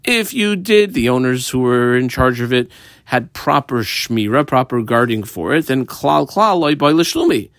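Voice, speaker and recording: Man, talmud study lesson, explains line by line, lively up-and-down voice, dry recording. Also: mid-range voice, no echo. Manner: explains line by line, marking up the page as he goes; switches between quick asides and slow, stressed phrases. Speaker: Talmud teacher.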